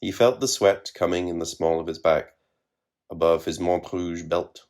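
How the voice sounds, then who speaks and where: A man narrating literary fiction in a measured, wry reading. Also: sits low, flat delivery, a little mellow.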